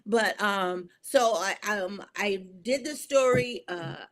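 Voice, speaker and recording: An earnest woman speaking as an interview guest, her voice pitched in an ordinary middle range. She tells her stories with feeling, pausing on fillers as she gathers her thoughts. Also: a bit bright. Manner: earnest, emotional, halting with fillers. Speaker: guest, poet and filmmaker. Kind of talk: storytelling interview talk.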